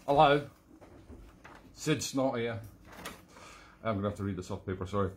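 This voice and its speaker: Comic bit: a man playing a crude cheeky London greaser, rough put-on Cockney, joke read from a sheet. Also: fairly low pitch, normal speed, a little hiss or hum, close to an everyday voice. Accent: mock Cockney London. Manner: reading a gag off paper, jokey. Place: home room.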